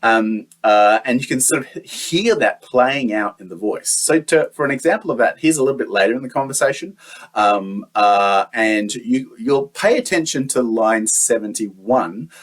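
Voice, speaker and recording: A man's voice: mid-range voice, lively intonation, normal speed. A man teaching a lesson, explaining step by step with frequent "um" and "uh" fillers. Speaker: lecturer. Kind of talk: teaching lecture.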